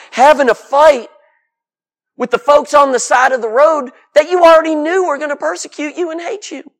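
A man's voice: very high voice, moderate pace, fairly bright tone. A man preaching a sermon to a congregation in an emphatic, folksy way, piling up lists and asking rhetorical questions.

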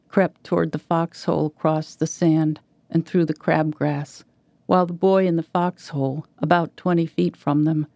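A woman reading a short story aloud in a measured way, lightly voicing the characters' dialogue. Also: lowish voice, warm tone, dry recording. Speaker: reader.

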